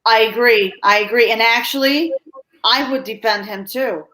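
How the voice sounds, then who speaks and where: A woman's voice: a little high, moderate pace, sharp tone. A woman hosting a podcast interview, answering her guest with sympathetic, brief affirmations. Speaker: podcast host. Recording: echoey room.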